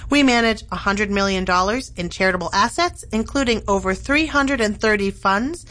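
A woman reading a sponsor announcement in a smooth, even way. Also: medium pitch, normal speed. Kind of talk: read advertisement.

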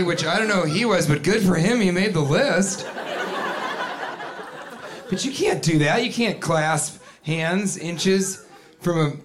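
A man doing a stand-up comedy set on a club stage, telling stories with sudden shouted voices. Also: high voice, a little slow, long pauses. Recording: live club recording with crowd noise. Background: audience laughter.

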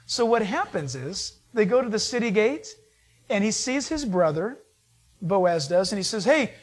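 A pastor with a high-sitting, very animated voice preaches at a moderate pace. He retells the story casually and conversationally, acting out what the people said.

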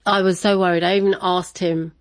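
Interviewee, woman, lower voice, laughs a lot, animated storyteller, dry close mic. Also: a little fast, dry recording. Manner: animated, laughs often, acts out family voices.

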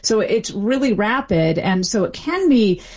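A woman expert explaining how accents form, in a measured way with frequent fillers. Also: mid-range voice, animated, darkish tone, slightly rough. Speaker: linguist guest. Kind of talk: expert interview answers.

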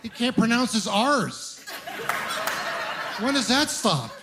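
High-voiced man doing stand-up comedy. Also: slow. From Ontario, Canada. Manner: animated storytelling, playful and self-mocking. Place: comedy club stage with laughing audience.

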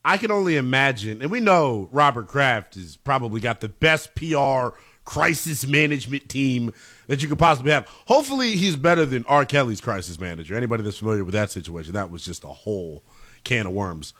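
Brief: bright, lively high male co-host, emphatic and incredulous. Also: fairly quick. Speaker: sports talk show co-host. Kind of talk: casual sports debate.

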